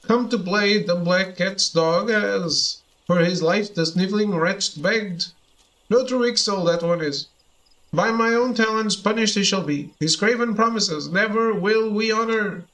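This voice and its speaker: A man's voice: sits high, measured pace, a bit bright, low-quality recording. A man voicing a proud bird-man warrior who speaks in backwards word order and scorns a traitor. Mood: scornful.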